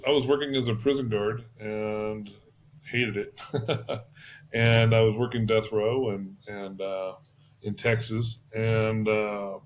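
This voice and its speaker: A man being interviewed as an entrepreneur and mentor, telling stories in a relaxed way with restarts and chuckles. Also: on the low side, a little hiss or hum. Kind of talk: casual interview talk.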